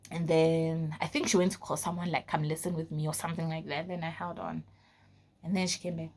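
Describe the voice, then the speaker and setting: A young woman from South Africa telling a personal story in a casual vlog, full of fillers and often dropping to a low, quiet voice. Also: moderate pace. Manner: casual, frequent fillers like "like" and "you know". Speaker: vlogger.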